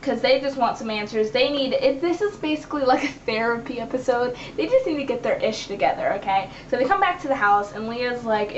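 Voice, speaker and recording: A woman's voice: on the high side, a little fast, few pauses. A young woman recapping her web series in a casual, chatty vlog, acting out the characters' lines as she goes. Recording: echoey room, dull lo-fi sound, faint hiss.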